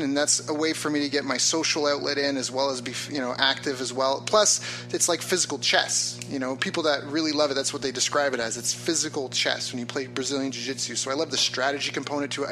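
Bright-voiced rambling entrepreneur man. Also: mid-range voice, poor audio. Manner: rambling, enthusiastic, with many fillers. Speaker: entrepreneur guest. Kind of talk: casual interview talk.

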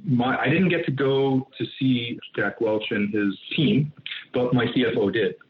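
A man, a guest entrepreneur, telling a story in an interview in an animated way, with many asides and restarts. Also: mid-range voice, measured pace, soft background music. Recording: tinny phone-like line with faint noise.

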